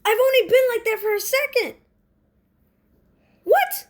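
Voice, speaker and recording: A woman's voice: on the high side, slightly rough. Woman voicing a whiny clumsy boy. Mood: upset. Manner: whiny, quick to yell and cry. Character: clumsy whiny boy who cries easily. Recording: background music. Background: music.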